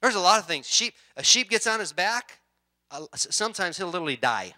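A middle-aged man preaching as a pastor, conversational and halting, often clearing his throat and restarting sentences. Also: high-pitched, lively intonation, sharp tone. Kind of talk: sermon.

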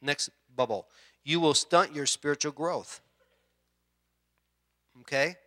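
A middle-aged man preaching as a pastor, conversational and halting, often clearing his throat and restarting sentences. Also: a little high, fairly bright tone. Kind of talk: sermon.

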